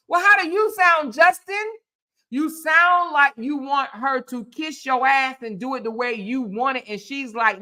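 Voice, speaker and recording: A woman's voice: high-pitched, bright, forceful tone. A woman hosting casual gossip commentary, mocking and emphatic, repeating her points. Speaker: commentary host.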